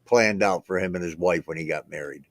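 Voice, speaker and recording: A man's voice: low voice, brisk, no echo. An older man in a casual video call chat, teasing his friends and laughing often.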